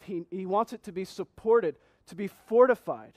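A man preaching as pastor, reading scripture slowly and asking the congregation earnest questions. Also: high voice, no room sound. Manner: reads scripture slowly, repeating key phrases. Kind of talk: sermon.

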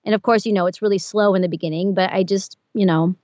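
A woman, an audiobook narrator, chatting as a guest in an interview, animated and quick to laugh. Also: medium pitch, no echo, dull audio. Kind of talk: casual interview chat.

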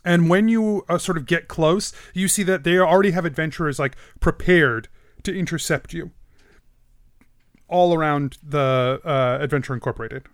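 A man's voice: a little high, moderate pace, dry recording, clean studio sound. A man narrating as game master of a tabletop game, hesitant and full of fillers.

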